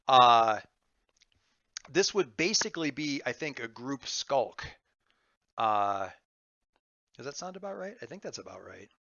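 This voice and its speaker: Rambling game master, bright dry voice. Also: male voice, medium pitch, no room sound, lo-fi sound. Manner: rambling, playful, thinks aloud with many fillers. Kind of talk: running a tabletop game over an online call.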